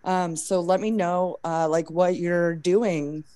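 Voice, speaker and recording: Laid-back woman host, unhurried questions, easy and informal. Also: lowish voice. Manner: relaxed and loose, casual swearing. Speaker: interviewer. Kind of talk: casual interview.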